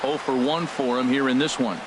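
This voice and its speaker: A man doing play-by-play commentary for a baseball game, with a brisk, measured call that rises on big plays. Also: medium pitch, steady tone. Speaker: play-by-play announcer. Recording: broadcast over loud crowd and stadium noise.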